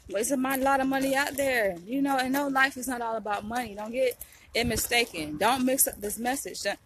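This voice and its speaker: A young woman vlogs casually to camera, bluntly preaching and often asking whether you get what she's saying. Her voice is a little high and fairly bright, with a slight hiss or hum in the recording.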